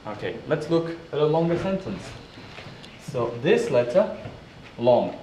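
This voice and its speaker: A man teaching pronunciation, spelling out letters and repeating words slowly as a classroom drill. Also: medium pitch, animated, warm tone, a little hiss or hum. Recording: roomy echo, voice from a distance.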